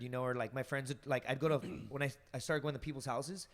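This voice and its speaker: With a long reverb tail behind him, a man talks fast in a steady, medium-pitched voice. He's a stand-up comic guesting on a podcast, and his casual stories ramble along, full of swearing and filler words.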